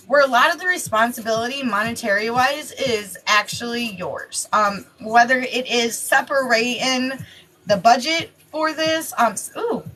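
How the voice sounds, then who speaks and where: A woman reading horoscopes in a casual, chatty way, excitable and often exclaiming. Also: high voice, a little hiss or hum, rough recording. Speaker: tarot reader giving daily horoscopes.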